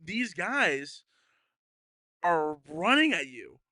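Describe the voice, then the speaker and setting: A man's voice: high-pitched, very animated, extremely slow, bright, forceful tone, dry recording, studio quality. A man hosting his own podcast, talking in a laid-back, joking way with lots of "dude" and "like". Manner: laid-back bro talk, says "dude" and "like". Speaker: podcast host. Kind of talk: casual podcast interview.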